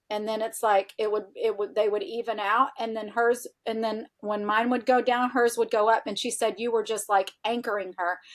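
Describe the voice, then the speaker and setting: A woman with a fairly high voice talks as a podcast guest, telling a personal story in a chatty, animated way. She fills her sentences with "like" and voices the people in her story as she goes. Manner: animated, chatty, frequent "like" fillers, acts out quoted dialogue. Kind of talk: casual storytelling in a podcast interview.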